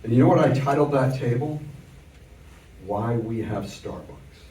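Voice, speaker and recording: A man's voice: mid-range voice, unhurried, warm tone, slight background noise. An older man giving an economics lecture to adult learners, telling stories from memory in a wry, explanatory way. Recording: echoey room from far off.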